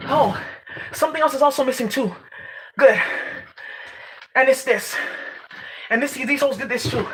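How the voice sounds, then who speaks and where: A woman's voice: sits high, normal speed. A woman from Nigeria, ranting casually to her viewers, brash and profane, laughing as she talks. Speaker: vlogger. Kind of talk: casual rant to camera.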